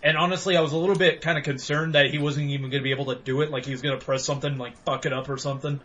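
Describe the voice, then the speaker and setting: A man's voice: a little high, steady tone, rapid-fire, hardly any pauses, a bit bright, highs cut off. A young man hosting a podcast, telling rambling, profane stories in casual chat with bursts of laughter. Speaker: podcast host.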